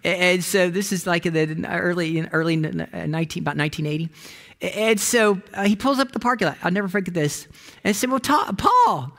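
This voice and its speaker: A middle-aged male pastor delivers a sermon with a fairly high voice. He tells his stories with lively rises and drops and calls out to the congregation for a response. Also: brisk.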